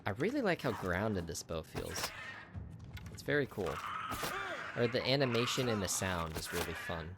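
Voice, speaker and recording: A man's voice: deep voice, big pitch swings, moderate pace, very noisy. A man chatting casually through a video game, joking with the enemies he fights. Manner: chatty, jokes with on-screen enemies. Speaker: gameplay streamer. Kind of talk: casual gameplay commentary.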